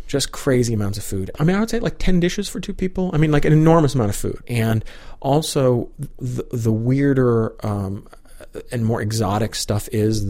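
A middle-aged man, a professor, animatedly telling a personal story, full of casual fillers. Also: lowish voice. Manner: lively, many "like" and "you know" fillers. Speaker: professor, interviewee.

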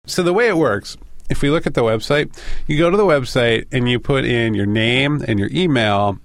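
Gravelly man, dry close mic, animated candid storyteller, self-deprecating. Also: mid-range voice, moderate pace, no room sound. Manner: animated, self-deprecating, mimics inner voices. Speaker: interviewee.

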